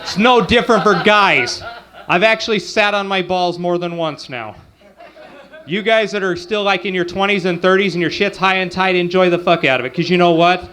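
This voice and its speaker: A man's voice: high-pitched, moderate pace, pushed and bright. A man in his forties doing a profane stand-up comedy routine, talking casually with the crowd on a club stage. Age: 40s. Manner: profane, crude, conversational with crowd asides.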